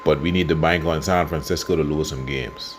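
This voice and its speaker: A Bahamian man giving casual football commentary and predictions, passionate and quick to get worked up. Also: rumbling low, fairly even intonation, background noise. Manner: passionate, gets worked up and loud. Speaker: sports fan vlogger.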